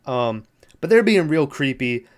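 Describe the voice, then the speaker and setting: A podcast host with a fairly high, sing-song voice recaps a movie plot casually and a little slowly. He rambles, leans heavily on filler words, swears, and laughs at the film.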